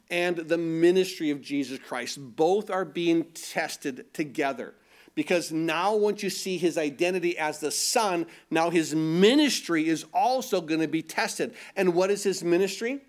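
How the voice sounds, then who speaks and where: A pastor with a somewhat high, animated voice preaches a sermon at a measured pace. He poses rhetorical questions to his listeners and often repeats words as he builds his points.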